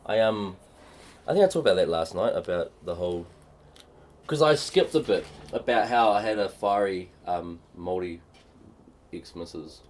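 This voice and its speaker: A man's voice: sits low, animated, moderate pace, slight background noise. A man, co-hosting a podcast, telling crude comic stories full of laughter and acted-out quotes. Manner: crude, laughs often, acts out quoted voices. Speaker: podcast co-host. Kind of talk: casual comedic storytelling chat. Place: backyard shed studio.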